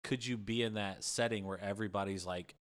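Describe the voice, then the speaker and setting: Young guy, lowish voice, rambling casual story with lots of likes. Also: steady tone, a little fast. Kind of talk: casual chat.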